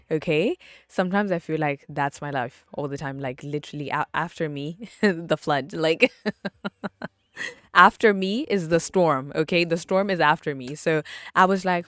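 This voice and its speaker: A woman's voice: sits low, no echo, clean studio sound. Bubbly young woman podcasting. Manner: bubbly, chatty, laughs often, repeats words for emphasis. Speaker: podcast host. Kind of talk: casual solo podcast chat.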